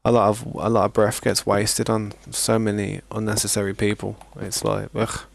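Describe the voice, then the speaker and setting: A man's voice: on the low side, completely flat delivery, normal speed, gravelly. A man, chatting casually and rambling in a laid-back, slangy way as a gaming streamer. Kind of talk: casual gameplay chat.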